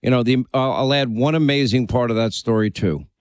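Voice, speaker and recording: A man hosting talk radio into a dry, close studio microphone. His pitch sits in the middle range. He presses his points with urgency and repeats phrases to drive them home. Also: a little fast, dry recording. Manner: emphatic, urgent, repeats for emphasis. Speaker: radio talk show host.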